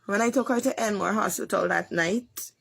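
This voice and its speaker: A woman's voice: mid-range voice, moderate pace, vocal fry, fairly bright tone, husky. A woman with a Guyanese accent, a mother giving an emotional, repetitive account of her daughter's hospital care. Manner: pleading, repetitive retelling. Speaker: mother of a sick patient.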